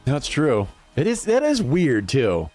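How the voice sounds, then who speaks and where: While streaming a game, a man chats casually with his viewers, rambling, swearing freely and laughing often. His mid-range voice swoops wildly in pitch, moves slowly and sounds a little mellow, with soft background music.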